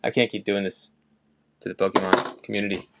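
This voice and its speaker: Amid heavy background noise, a man with a low, gravelly voice hosts a live collectibles sale at a brisk, level delivery. He chats casually and rambles off topic between items.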